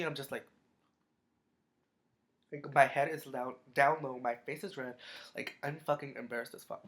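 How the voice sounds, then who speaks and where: In a casual storytime vlog, a teenage boy speaks in a bright-ish, slightly high voice that keeps cracking. He rambles along, packing in fillers and profanity.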